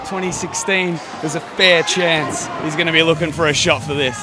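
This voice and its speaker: Cocky wrestler, noisy background. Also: male voice, a little high, steady tone, normal speed, a crowd in the background. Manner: cocky, boastful, joking. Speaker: wrestler and champion co-host. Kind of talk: post-show wrestling banter.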